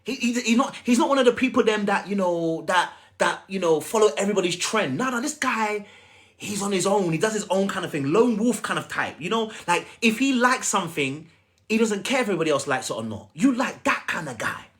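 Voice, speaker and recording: A man with a high voice gives casual dating coaching on a livestream, speaking briskly. He's animated, chatty, emphatic and repetitive, often checking whether the audience follows him.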